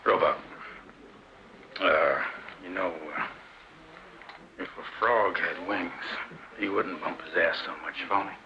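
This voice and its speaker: A man's voice: low voice, measured pace, pauses often. An actor playing a cocky, crude frontier businessman who talks in a sarcastic drawl, on a muffled old film soundtrack with hiss. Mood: scornful. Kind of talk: 1970s film western acting.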